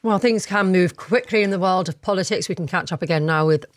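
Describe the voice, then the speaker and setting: A woman's voice: lowish voice, fairly quick, heavy background noise. A woman presenting a live breakfast radio show, reading news and probing a guest. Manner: friendly, probing questioning.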